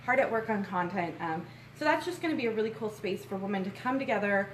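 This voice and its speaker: A young woman, co-host and co-owner of a small shop, chats casually on a live stream from inside the store, out of breath and rambling with plenty of fillers. Her medium-pitched voice is expressive and fast. She's captured on a phone on a tripod in an echoey room with faint noise.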